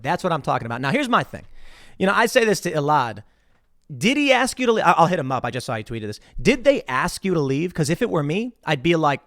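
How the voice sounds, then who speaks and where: A man's voice: on the high side, fairly quick, dry recording, studio quality. A man hosting casual political commentary, retelling stories and acting out the people he quotes. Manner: animated, acts out quoted people in shifting voices. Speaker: commentary host.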